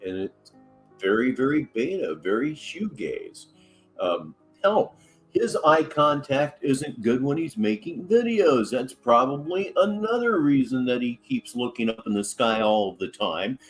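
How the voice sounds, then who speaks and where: Male reaction host, crude and mocking, very lively intonation. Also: medium pitch, unhurried, faint music behind. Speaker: commentary host. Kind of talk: reaction commentary.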